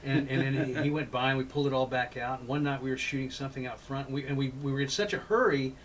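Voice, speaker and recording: A man's voice: mid-range voice, quick pace, a bit bright, slight background noise, rough recording. A man hosting a casual talk show, telling long rambling stories full of restarts. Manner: rambling anecdotes with many restarts. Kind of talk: casual chat.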